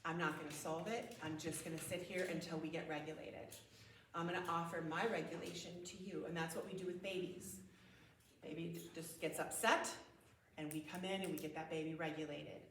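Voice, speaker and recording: A woman's voice: deep voice, fairly even intonation, a little fast, a little hiss or hum. A woman giving a talk at a parenting conference, conversational, often acting out example phrases and laughing. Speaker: conference speaker. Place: church hall. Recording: echoey room, mic at a distance.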